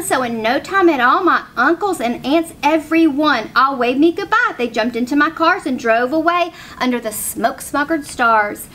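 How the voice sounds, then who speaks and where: A woman reading a rhyming children's story aloud with a rhythmic, expressive delivery. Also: sits high, moderate pace, hardly any pauses.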